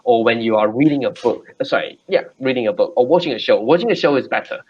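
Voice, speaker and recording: Male online tutor, patient and example-driven, mid-pitched, lo-fi call audio. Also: quick pace, a little mellow, slightly rough. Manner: patient, explains with examples, many restarts. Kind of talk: casual video call lesson. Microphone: video call.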